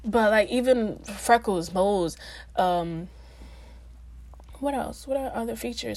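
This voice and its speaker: A woman's voice: medium pitch, unhurried, long pauses, a little mellow, no room sound. A young woman vlogging in a casual, chatty way, full of slang and fillers, speaking straight to her viewers. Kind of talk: casual talk to camera.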